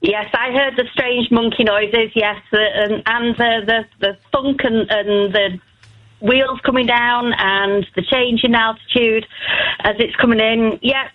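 A woman's voice: on the high side, steady tone. Older woman on a dull phone line. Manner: halting, repeats words, laughs easily. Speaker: caller. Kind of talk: phone-in chat.

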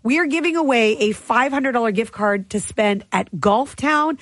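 A woman's voice: on the high side, normal speed, a bit bright, no room sound. A woman co-hosting a morning radio show, playfully reading listener texts in casual banter. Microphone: studio mic.

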